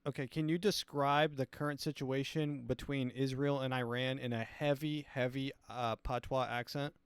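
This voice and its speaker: A man hosting a comedy podcast, rambling casually with lots of fillers and deadpan asides. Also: medium pitch, moderate pace, clear, resonant tone, no echo, studio quality. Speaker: podcast host.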